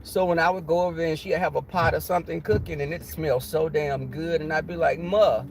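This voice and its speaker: High-pitched male streamer with a cold, animated and foul-mouthed storyteller. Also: quick pace, gravelly, slight background noise, low-quality recording. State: has a cold. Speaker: livestream host. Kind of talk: casual storytelling.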